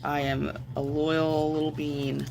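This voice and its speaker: A woman's voice: low-pitched, level tone, takes it slowly, gravelly, music in the background. A woman live streaming, chatting casually and rambling to her viewers while answering their comments aloud.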